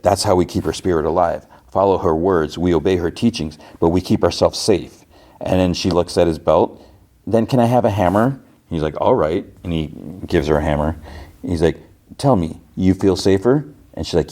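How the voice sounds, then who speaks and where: A podcast host with a deep, mellow voice casually recaps a TV episode scene by scene. He loosely quotes the characters and throws in his own asides.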